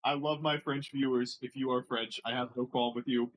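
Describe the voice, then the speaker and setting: An American man streaming casual commentary as he reacts to online posts, sarcastic and quick to laugh, sometimes mocking French words. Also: mid-range voice, animated, fairly bright tone, rough recording.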